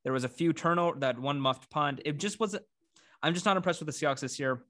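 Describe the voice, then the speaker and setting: A man hosting a casual sports chat, talking through his picks with friends, easily excited and quick to laugh. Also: a little high. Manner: excitable, laughs, mock British accent briefly. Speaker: podcast host.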